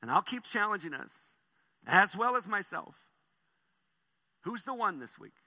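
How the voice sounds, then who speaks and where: A man preaching a sermon as pastor, telling stories with animated swings between soft and loud delivery. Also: sits high, measured pace.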